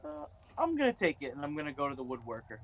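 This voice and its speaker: Casting: male player, somewhat raised pitch, halting delivery. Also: huge pitch swings, vocal fry, fairly bright tone. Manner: hesitant, stating his character's actions. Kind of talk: tabletop game play.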